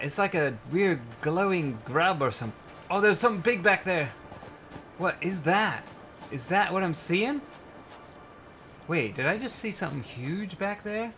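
A man commentating a survival building game as he plays, excitable and quick to yelp in panic or laugh at mishaps. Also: high voice, a little hiss or hum. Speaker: gaming channel host. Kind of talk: let's play commentary.

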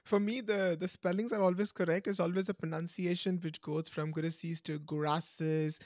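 A man hosting a casual interview, upbeat and quick to laugh as he asks questions. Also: high voice, fairly even intonation, a little mellow, no room sound, studio quality. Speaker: interviewer host.

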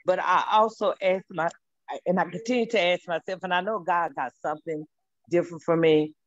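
A woman's voice: fairly low pitch, steady tone, a little fast, dry recording, lo-fi sound. A woman calling in to a talk show, speaking in a heartfelt, emotional, repetitive way about her work. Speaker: caller. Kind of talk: casual call-in testimony.

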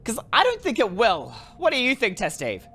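A woman giving chatty, animated let's-play commentary to her viewers, often exclaiming in excitement. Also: on the high side, fairly quick, slightly rough. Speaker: gaming video creator.

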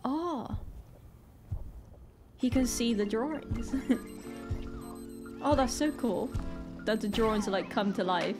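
A young British woman with a British accent, hosting a casual reaction vlog, chatty and excitable with many "like" fillers. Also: a little high, slow, long pauses. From Britain. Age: young adult. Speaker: reaction video host. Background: faint music video playing.

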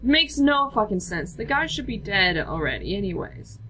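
A woman's voice: mid-range voice, sing-song, moderate pace, sharp tone, slight background noise, rough recording. A young woman giving casual, blunt, profane commentary while playing a horror game. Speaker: gaming video host.

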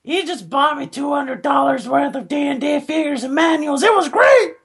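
A podcaster voicing an excitable, dramatic teenage girl gamer in a comic script reading, shouting her lines over the top. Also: high voice, normal speed, creaky, exaggerated voice. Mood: thrilled.

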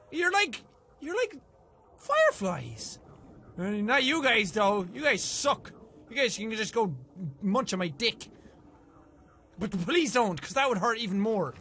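A young man in his twenties giving excitable let's play commentary, swearing often and chatting to the game's characters. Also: extremely high pitch, a little slow, slight background noise. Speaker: gamer.

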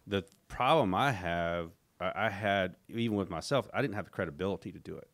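A man's voice: sits low, brisk, fairly bright tone. A middle-aged man as a podcast guest, telling a long story in a rambling way, with frequent restarts and acted-out quotes. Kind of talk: casual storytelling interview.

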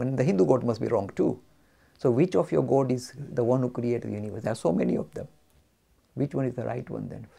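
A middle-aged man lectures with a lively, swooping delivery, playing both sides of an argument himself. His voice is gravelly, with a mellow, dark tone. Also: mid-range voice. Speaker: religious studies speaker.

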